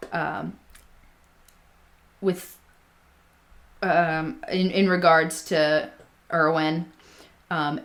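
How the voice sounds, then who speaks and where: A woman co-hosting a casual podcast, telling a history story with many ums and restarts. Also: on the low side. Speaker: podcast co-host.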